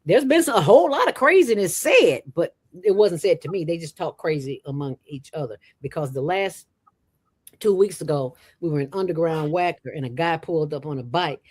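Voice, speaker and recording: Low-voiced, emphatic woman guest. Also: normal speed, husky. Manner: emphatic, streetwise, animated. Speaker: nonprofit founder, guest. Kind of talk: animated storytelling interview.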